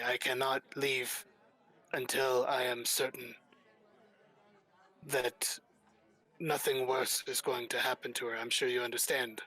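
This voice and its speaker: A man voicing an earnest doctor in a tabletop game, speaking in a measured way. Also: medium pitch, sharp tone, low-quality recording. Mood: insistent. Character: earnest male doctor, calm and insistent.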